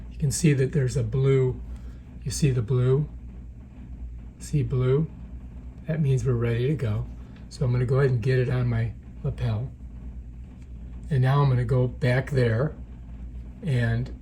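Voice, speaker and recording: A man's voice: medium pitch, dark tone, slight background noise. A man giving a casual, chatty product demonstration in an indoor room, often checking in with the viewer. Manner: chatty, keeps checking in with "right?". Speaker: product reviewer.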